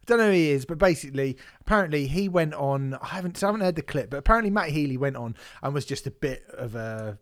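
A man's voice: fairly high pitch, lively intonation, quick pace, few pauses. A man, co-hosting a podcast in casual chat, rambling and laughing often. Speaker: podcast co-host.

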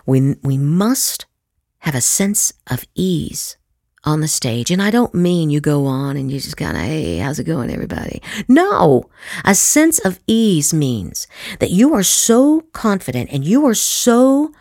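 A middle-aged woman giving an acting master class, emphatic and lively, slipping into demonstration voices. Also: fairly low pitch, slow pace, dry recording, studio quality. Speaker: acting teacher.

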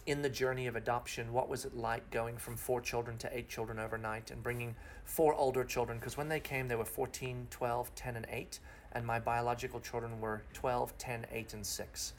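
A middle-aged man speaks at an ordinary mid pitch as a pastor guest on a podcast. He tells his story through long, vivid extended metaphors. A faint hum sits under his voice. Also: little pitch movement, moderate pace.

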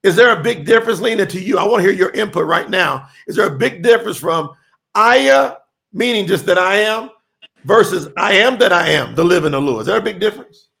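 A middle-aged man with a high, gravelly voice teaching scripture. He talks in an emphatic, preacherly way, often raising his voice to act out the lines he quotes. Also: expressive, a little fast, fairly bright tone. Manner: emphatic, preacherly, dramatic quoting. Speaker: teacher and telethon host.

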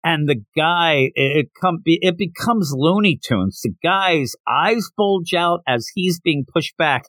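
Guy podcasting about a comic, lively, acts out lines, dry close mic. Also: fairly high pitch, takes it slowly, no room sound. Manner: animated, acts out quotes. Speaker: podcast host. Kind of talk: casual comic recap.

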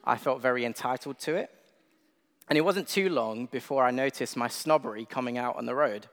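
A young man preaching a sermon in a relaxed, conversational and self-deprecating way, with plenty of filler words. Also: medium pitch, brisk. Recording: long reverb of a large hall.

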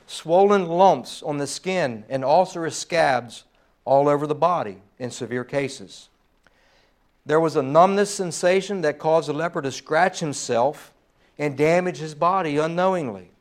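High-voiced man preaching a sermon. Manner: preaching with rising emphasis and trailing pauses. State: slightly hoarse. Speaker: pastor.

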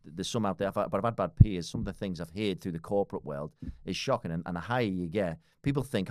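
A man's voice: low-pitched, fast talker, no echo, clean studio sound. A man in his forties, a podcast guest talking casually and bluntly, swearing freely and laughing often. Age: 40s.

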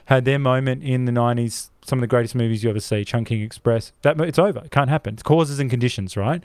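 A podcast co-host rants through an opinionated, casual chat, restarting often and wandering into asides. He talks fast at a medium pitch with a darkish tone, and there's no room sound at all.

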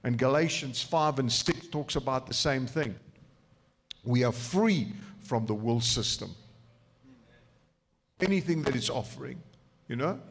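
Male preacher, slow deliberate delivery, pitch rising and falling widely, hall reverb. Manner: slow, emphatic, repeats key phrases. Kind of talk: teaching sermon.

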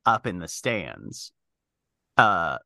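A man running a tabletop game as game master, narrating scenes in a relaxed, lively way. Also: low voice, extremely slow, creaky, no echo. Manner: lively, relaxed, laughs easily.

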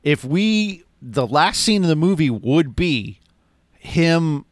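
A man's voice: fairly high pitch, sing-song, takes it slowly, no echo, clean studio sound. A man co-hosting a podcast, talking animatedly about a film and acting out lines from its scenes. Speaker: podcast co-host. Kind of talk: casual film discussion.

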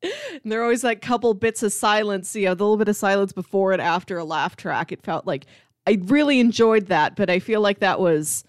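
A woman's voice: mid-range voice, expressive, fairly quick, no echo, studio quality. A woman co-hosting a podcast, chatting casually and analytically about a sitcom, often laughing. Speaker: podcast co-host. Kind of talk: casual chat.

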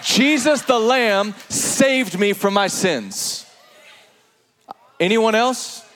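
A man preaching an energetic sermon to a congregation, animated and playful, with laughing asides. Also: high voice, very slow, some chatter behind, slight background noise.

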